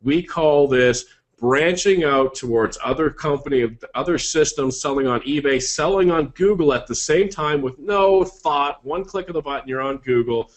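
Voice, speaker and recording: A man presenting an online selling course, walking through sales examples in an upbeat, salesy pitch with quick asides.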